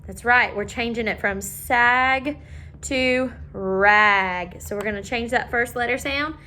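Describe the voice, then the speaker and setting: Young female primary teacher, patient and sing-song, slightly high voice, recorded with faint noise. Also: pushed and bright. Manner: slow, sing-song, coaxing questions. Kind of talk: recorded phonics lesson for young children.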